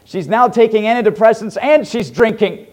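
A male pastor preaching a sermon, dropping to hushed low asides and rising to loud fervent pleading. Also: moderate pace.

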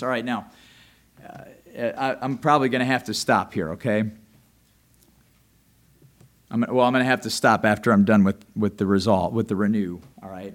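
A man preaching a sermon in a conversational way, often asking "all right?", moving between loud emphasis and quiet, close talk. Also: lowish voice, fairly even intonation, moderate pace, long pauses. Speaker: pastor.

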